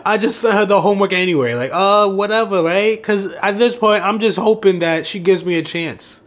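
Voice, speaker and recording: Young man telling a story, slightly high voice. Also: moderate pace. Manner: laughs often, swears freely, animated self-mocking storytelling. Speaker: dating coach. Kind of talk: casual storytelling vlog.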